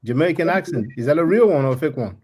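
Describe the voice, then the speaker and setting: A man's voice: on the high side, animated, fast, darkish tone, breathy edge. A man hosting a live stream, talking bluntly and mockingly, confronting callers. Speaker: livestream host. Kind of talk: live stream talk with guests.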